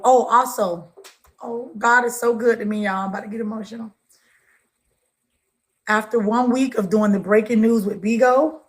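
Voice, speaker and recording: A woman hosting a casual livestream chat, greeting viewers by name and calling them pet names like baby and sugar. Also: mid-range voice. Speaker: livestream host.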